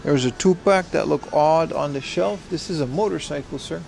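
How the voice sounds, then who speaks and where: A man with a slightly high, gravelly voice rambles casually to his livestream chat while he browses shelves in a store. His talk is loose and slangy. Faint music plays behind him. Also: normal speed, darkish tone. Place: secondhand shop in Japan.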